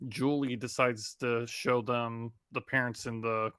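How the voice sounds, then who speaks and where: A man's voice: medium pitch, level tone, measured pace, fairly bright tone, smooth, no room sound, clean studio sound. A young man co-hosting a casual film discussion, easygoing and laughing along as he recalls scenes. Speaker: podcast co-host.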